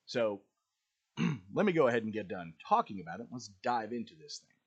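A man hosting a podcast in casual commentary, who clears his throat often and wanders into asides while reading a speech aloud. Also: fairly low pitch, very animated, moderate pace, dull audio. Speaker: podcast host.

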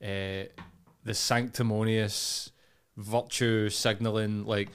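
A man's voice: on the low side, little pitch movement, slow pace, clear, resonant tone. A Scottish man co-hosting a podcast, talking bluntly in casual, sweary chat and laughing often. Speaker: podcast co-host.

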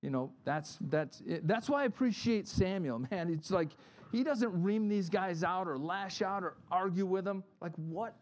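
A middle-aged pastor delivers a conversational sermon, animatedly telling stories and acting out the people in them. He speaks at normal speed in a high voice.

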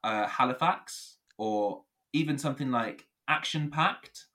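A man from England talks through how rap rhymes work in an easy conversational way. He is animated and playful and laughs easily. His voice sits at a middling pitch. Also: measured pace. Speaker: rapper explaining rhyme. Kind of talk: conversational explanation.

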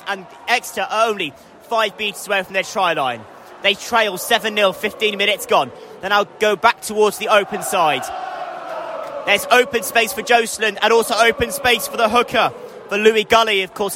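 A young man giving live, excitable rugby commentary from a stadium stand, his voice climbing into shouts at big moments. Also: high-pitched, moderate pace, crowd noise, background noise. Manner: excitable, rising to shouts at scores. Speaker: match commentator.

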